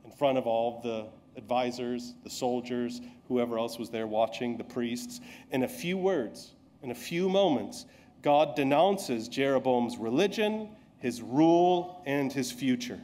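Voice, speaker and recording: A man's voice: mid-range voice, expressive, unhurried, warm tone, a little hiss or hum. A male pastor preaching a sermon in a church, telling the story vividly and asking the listeners rhetorical questions.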